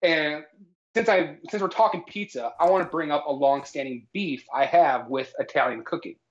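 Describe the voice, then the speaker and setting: Through slightly dull, lo-fi stream audio, a man with a voice on the high side speaks at a moderate pace. He's co-hosting a jokey live cooking stream, mock-authoritatively explaining absurd facts and tagging lines with "all right?".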